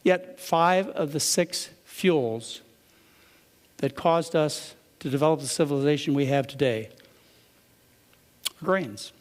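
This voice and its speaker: A man's voice: on the high side, slow, pauses often, long reverb tail. A man giving a conversational lecture to a live audience, often asking them rhetorical questions.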